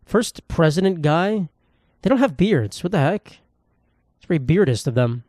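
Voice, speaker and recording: Young man, podcast host, rambling, profane, slightly high voice, dry close mic. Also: expressive, normal speed, darkish tone, no echo. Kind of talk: solo podcast monologue. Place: apartment.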